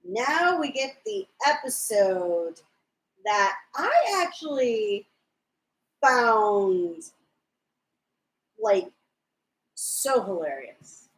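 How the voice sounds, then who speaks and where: A woman co-hosting a relaxed fan chat, talking slowly with a lively, bouncing pitch. She recaps scenes in a chatty way, and her voice rings a little in an echoey room. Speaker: podcast co-host. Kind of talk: casual fan discussion livestream.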